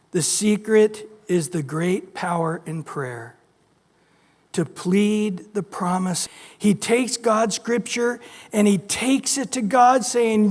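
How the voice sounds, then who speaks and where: A man's voice: high-pitched, moderate pace, in a large hall. A man preaching a sermon as pastor, telling stories animatedly and acting out the voices he quotes. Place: church sanctuary.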